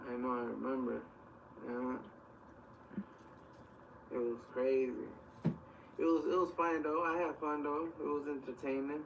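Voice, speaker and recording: Young dude from chicago on a livestream, gravelly voice, slangy, kinda far off the mic with a faint hum. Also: male voice, medium pitch, fairly even intonation, measured pace, long pauses, dull audio. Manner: slangy, shouts out viewers. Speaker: livestream host. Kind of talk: casual livestream chat.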